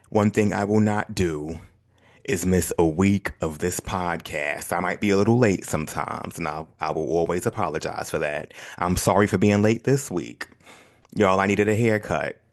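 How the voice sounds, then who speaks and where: A man from the United States hosting his own podcast in a relaxed, chatty, self-deprecating way. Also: deep voice, creaky. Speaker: podcast host. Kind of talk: casual solo podcast chat.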